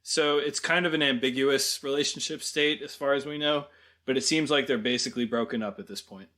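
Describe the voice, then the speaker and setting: A man co-hosting a film podcast, adding points and gently pushing back in casual chat. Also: mid-range voice, fairly even intonation. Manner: measured, adds points and gently pushes back. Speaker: podcast co-host.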